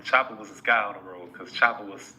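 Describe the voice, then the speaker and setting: A man spinning a brash, slangy story in an easy storytelling flow. His voice is strikingly bright and forward, and he keeps checking in with his listener as he goes. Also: on the low side, fairly even intonation, quick pace, slight background noise, rough recording. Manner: boastful and slangy, with frequent tag questions. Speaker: rapper telling a story in an interview clip. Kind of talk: casual storytelling.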